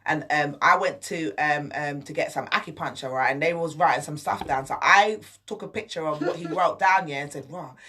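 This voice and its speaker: Woman, bright voice, chatty co-host, anecdotal. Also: low voice, brisk, few pauses, distant mic. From England. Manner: chatty, tells anecdotes, laughs easily. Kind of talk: casual talk-show chat. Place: radio studio.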